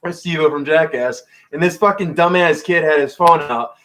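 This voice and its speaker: A man's voice: on the high side, normal speed, a bit bright. A man co-hosting a casual podcast chat, telling rambling stories full of swearing and fillers. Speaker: podcast co-host.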